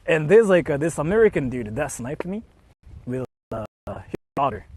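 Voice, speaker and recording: Strolling outdoors on a live stream, a young man chats loosely with viewers in a somewhat high, sing-song, slightly mellow voice at normal speed. He rambles and restarts, leaning heavily on "like".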